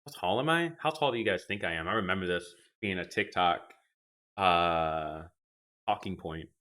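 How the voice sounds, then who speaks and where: Low-voiced young man chatting on stream. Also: normal speed, bright, forceful tone. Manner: rambling, talks to chat and reads out comments. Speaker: live streamer. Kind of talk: casual live-stream chat with viewers. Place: home gaming setup. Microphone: desk microphone.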